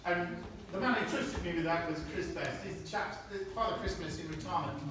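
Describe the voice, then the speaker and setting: Recorded at a distance on a friend's phone, this clip catches a middle-aged retiring army medic saying goodbye to friends in a historic hall at night. His voice runs on the high side, and his speech is informal and anecdotal, full of restarts and chuckles. The room is very echoey, the gathering's ambience is audible, and there's noticeable noise.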